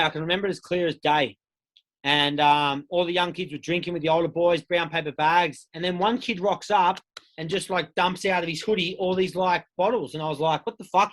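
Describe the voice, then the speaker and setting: A man's voice: a little high, fairly bright tone. An Australian man in his thirties, a podcast guest telling his own story in a candid, casual way with plenty of swearing. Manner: candid, swears freely, acts out quoted voices.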